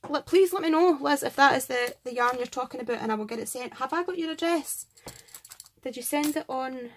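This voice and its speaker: A Scottish woman with a fairly high voice chats casually on a craft vlog. She gushes with excitement and thanks people over and over, with a faint hiss of noise behind her. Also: a little fast. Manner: excitable, gushing, effusive thanks. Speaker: craft vlogger. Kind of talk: casual chat unboxing and scoring craft entries.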